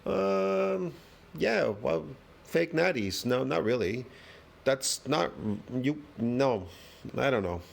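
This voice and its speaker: A middle-aged man hosting a reaction video, talking casually with sarcasm, rambling and trailing off into low mutters. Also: animated, slow, creaky.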